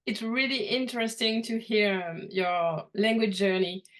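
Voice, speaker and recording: A woman hosting a podcast, giving short encouraging replies and asking calm questions in English. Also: medium pitch, unhurried. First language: French. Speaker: podcast host. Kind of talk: casual interview chat.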